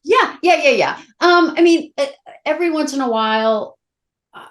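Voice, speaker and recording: A middle-aged actress speaking as a guest in a casual interview, candid and emotional, telling stories with a lot of feeling. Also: female voice, high voice, normal speed. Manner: candid, emotional, animated storytelling.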